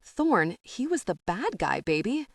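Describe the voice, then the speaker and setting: Brief: protective young husband, fond and a bit gruff, voiced by a woman. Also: medium pitch, big pitch swings, a little slow, no room sound, studio quality, pitched above the performer's own voice, full character voice. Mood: concerned.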